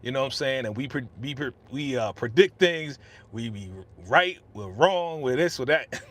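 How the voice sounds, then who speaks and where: A man hosting a live stream at an easy, chatty clip, full of slang and loose asides to his viewers. His pitch sits in an ordinary middle range. He speaks close into a studio podcast microphone. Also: expressive, moderate pace, a bit bright. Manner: chatty and slangy, reads viewer comments aloud. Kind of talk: casual live stream commentary.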